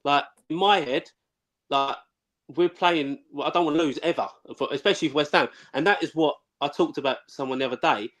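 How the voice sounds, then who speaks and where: Fast-talking, sweary man. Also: on the high side. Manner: excitable, blunt and sweary storytelling. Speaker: former footballer, guest. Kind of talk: casual live chat.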